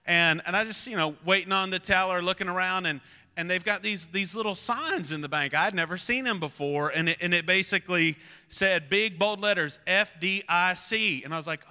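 A man in his thirties preaching a sermon, telling stories and building to loud, emphatic preaching. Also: high voice, normal speed, smooth, long reverb tail. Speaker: pastor.

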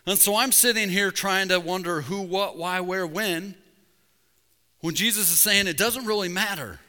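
A man preaching a sermon as pastor, conversational with jokes, rising to loud emphasis at points. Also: sits high, measured pace, pauses often. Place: church sanctuary. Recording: reverberant church sanctuary.

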